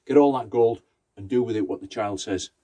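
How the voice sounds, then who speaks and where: Male storyteller voicing a no-nonsense old grandma, brisk and commanding, mellow tone. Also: fairly low pitch, close to an everyday voice.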